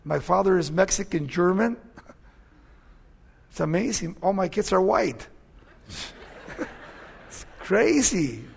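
A man's voice: high-pitched, animated, takes it slowly, gravelly, long pauses, darkish tone, husky. An older man with an accent preaching a conversational sermon as pastor, building to emphatic questions. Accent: Spanish-accented English.

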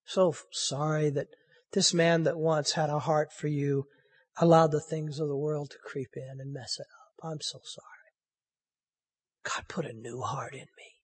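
A man voicing a grieving old king who mourns his son, in a hushed, broken whisper. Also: fairly high pitch, steady tone, a little slow, slightly rough, voice pushed down. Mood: remorseful.

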